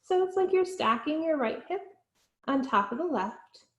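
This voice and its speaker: A woman teaching a yoga class, giving slow and soothing cues with soft pauses. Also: sits high, animated, reverberant, highs cut off. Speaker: yoga instructor. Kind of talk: guided yoga class instruction.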